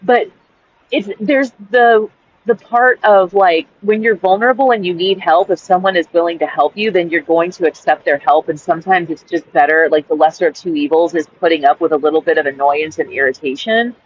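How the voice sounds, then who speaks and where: A vlogger with a fairly low voice reads her old journal aloud at a brisk pace, then explains the story in a frank, exasperated ramble. Expect plenty of "like"s, restarts, and free swearing. The recording is slightly dull lo-fi with slight background noise.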